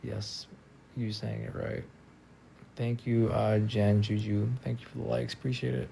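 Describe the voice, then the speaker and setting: A tired man talking casually on a live stream from a friend's house, soft-spoken and trailing off with lots of fillers. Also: on the low side, flat delivery, moderate pace, gravelly, a little hiss or hum. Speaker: livestreamer.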